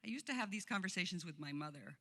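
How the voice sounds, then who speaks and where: Woman keynote speaker, really lively pitch, gravelly edge, long hall echo. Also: quick pace. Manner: emphatic, passionate, laughs often. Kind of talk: conference keynote speech. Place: conference hall.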